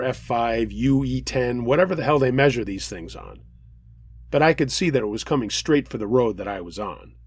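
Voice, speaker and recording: A man with a husky, mid-pitched voice reads a listener's true scary story aloud. His narration is earnest and dramatic, and the recording sounds dry and close. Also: a little mellow, dry recording. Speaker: host reading a listener's story.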